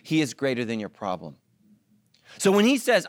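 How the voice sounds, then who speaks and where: Animated preaching man, lively pitch. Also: fairly quick, dry recording, studio quality. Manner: animated, joking asides to the congregation. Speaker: pastor. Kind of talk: sermon.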